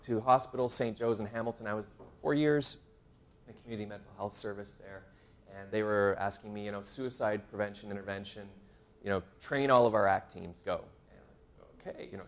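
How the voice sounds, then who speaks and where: A man in his forties from Canada, giving a casual, self-deprecating workshop talk to graduate students with many fillers and restarts. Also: lowish voice. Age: 40s. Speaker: workshop presenter. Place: university seminar room.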